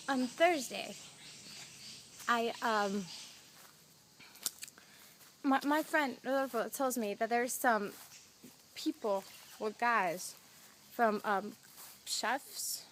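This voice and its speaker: Teen girl, venting vlog, rambling, dramatic, acts out quotes, fairly high pitch, faint crickets. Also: slight background noise, poor audio. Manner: rambling, dramatic, quotes herself and others, drops to a whisper at times.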